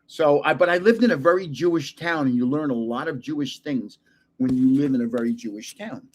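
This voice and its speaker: A man's voice: on the high side, fairly bright tone. An older man hosting a card-opening video, chatting and rambling into funny stories that make him laugh. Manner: rambling, chatty storyteller who laughs at his own jokes. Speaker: card collector channel host. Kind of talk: casual chat while opening cards.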